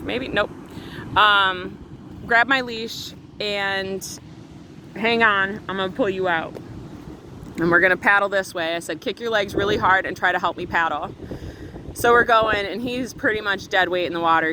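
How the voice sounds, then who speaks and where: A middle-aged woman telling a story to camera in an earnest, emotional, fast-running casual way. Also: medium pitch. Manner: earnest, emotional, talks fast with run-on retelling. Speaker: spiritual vlogger. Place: outdoors on a windy beach. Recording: wind and surf noise outdoors.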